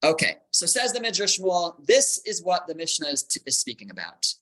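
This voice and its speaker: A man teaching a Torah class as a rabbi, explaining slowly with repeated words as he thinks and Hebrew terms mixed in. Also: a little high, huge pitch swings, bright, forceful tone, poor audio.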